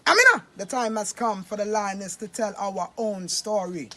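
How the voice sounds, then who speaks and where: A woman's voice: mid-range voice, normal speed, bright, forceful tone. A woman delivering a defiant, declamatory station drop.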